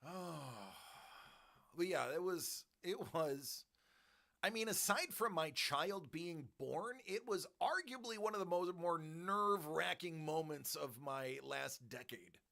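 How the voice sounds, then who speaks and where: A man hosting a collectibles channel, telling a story in a joking, animated way and acting out the voices. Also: a little high, slow, gravelly. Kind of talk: casual storytelling.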